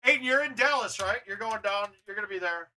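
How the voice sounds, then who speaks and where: A man hosting a gaming livestream, chatting casually, loud and blunt, swearing freely. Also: high-pitched, fast talker, poor audio. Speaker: livestream host.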